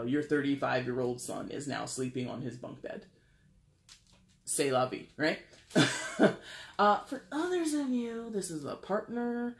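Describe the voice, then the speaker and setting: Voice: mid-range voice, creaky, reverberant. A chatty tarot reader talks through a reading, with a voice that swings widely up and down as it acts out imagined conversations in quoted voices. The delivery is casual and full of asides. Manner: frequent laughs and asides.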